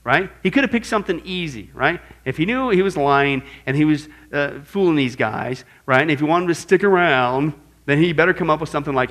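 A man teaching a sermon-style apologetics lesson as pastor, emphatic and animated, often asking his listeners questions. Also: fairly high pitch, a little fast. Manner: emphatic, animated, asks audience rhetorical questions.

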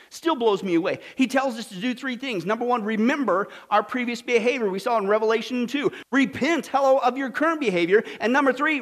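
Man, very high-pitched, lively preacher, storytelling sermon, punchy exclamations. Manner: animated, jokey, punchy exclamations. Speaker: pastor.

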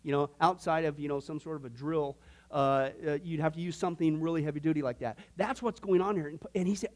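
A man's voice: on the high side, steady tone, fast, a little mellow. A man teaching an informal Bible class, folksy and joking, often slipping into quoted voices.

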